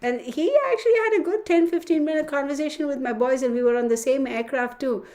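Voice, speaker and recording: A middle-aged woman hosting a tarot livestream, chatting casually with viewers and telling stories in an excitable, chatty way. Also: high-pitched, quick pace.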